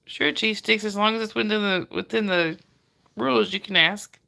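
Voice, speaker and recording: A woman's voice: medium pitch, moderate pace, gravelly, pushed and bright. A woman with a Southern US accent from Georgia, hosting a casual livestream and greeting viewers by name. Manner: chatty, greets viewers by name, laughs often. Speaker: livestream host. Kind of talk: casual live chat reading viewer comments.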